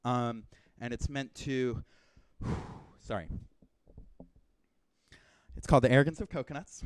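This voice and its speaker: A young man on stage, a performer giving comic banter between pieces with deadpan fake outrage that swings from muttering to loud ranting. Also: fairly low pitch, clear, resonant tone, no room sound. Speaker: performer introducing his music. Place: Hawaii.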